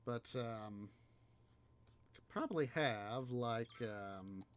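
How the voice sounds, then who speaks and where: A man's voice: medium pitch, extremely slow, clean tone. A man hosting a city-building game video, musing aloud in rambling casual commentary full of fillers. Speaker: let's play host.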